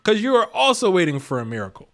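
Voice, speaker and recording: Male tarot reader, higher voice, casual slangy delivery, live reading. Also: very animated, fast, fairly bright tone. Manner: slangy, laid-back, chuckles to himself.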